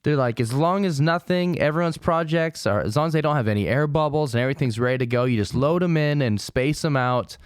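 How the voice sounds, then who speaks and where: A man's voice: on the high side, a little fast, few pauses, smooth, no room sound, clean studio sound. A young man co-hosting a podcast, telling stories in a rambling, profane way and acting out the people he quotes. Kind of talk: casual storytelling chat.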